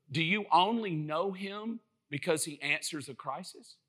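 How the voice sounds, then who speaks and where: A middle-aged man preaching an impassioned sermon, often rising to shouts. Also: on the high side.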